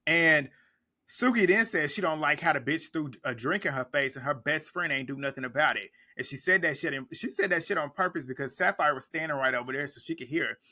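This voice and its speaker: A man's voice: a little high, fairly quick, bright, forceful tone. A man recapping a reality TV episode in a casual reaction vlog, blunt and profane, laughing often as he talks.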